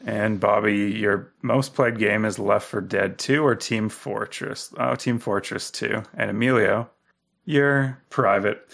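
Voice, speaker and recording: A man's voice: lowish voice, slow, creaky, fairly bright tone. A man hosting a casual gaming podcast, joking and moving the talk along. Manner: joking, runs the segment. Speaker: podcast host.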